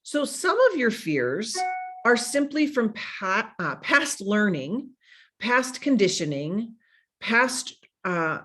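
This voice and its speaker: A woman giving an energetic motivational talk as a speaker, animated and playful, coaching her listeners directly. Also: mid-range voice.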